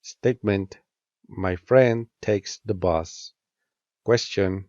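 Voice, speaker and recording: A man teaching an English grammar lesson, reading example statements and questions in a measured, scripted way. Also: fairly low pitch, a little mellow, no room sound. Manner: measured, reads statement and question pairs with careful rising intonation. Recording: dull, lo-fi dry voice-over.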